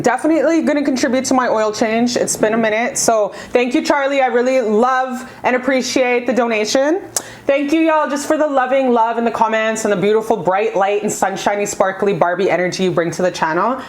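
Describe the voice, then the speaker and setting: A young woman reading tarot cards for her viewers in a casual, gushing, slangy way, swearing freely and calling them "you guys.". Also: on the high side. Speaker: tarot reader.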